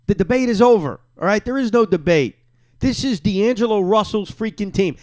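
A middle-aged man hosting a podcast alone, ranting with euphoric excitement late at night on little sleep, jumping from yelling to hushed asides. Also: on the high side, dry recording. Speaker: podcast host. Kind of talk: excited solo sports reaction.

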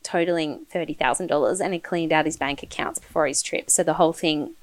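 A woman's voice: deep voice, quick pace, no room sound. A woman hosting a casual true-crime podcast, telling the case in a gossipy way, swearing freely and laughing often. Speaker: podcast host.

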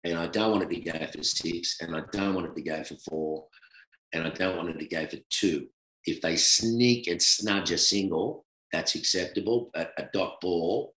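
A middle-aged man with an Australian accent, a former cricketer telling stories in a relaxed, animated chat with laughter. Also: deep voice, moderate pace. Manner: animated anecdote telling with laughter, swings between loud and hushed. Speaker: guest, former professional cricketer. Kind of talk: casual storytelling chat. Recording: roomy echo.

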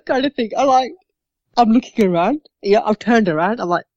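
A man in his thirties, a podcast co-host, telling a lively anecdote with plenty of swearing and acted-out voices. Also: high-pitched, fairly quick, no echo. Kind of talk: casual storytelling. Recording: dry, slightly dull lo-fi sound.

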